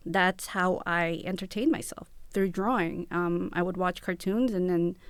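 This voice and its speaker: A woman's voice: on the low side, unhurried, smooth, dry recording. A woman from the Philippines, an author and illustrator, talking in a friendly, reflective way about her start in drawing. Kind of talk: interview chat. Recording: dry studio sound.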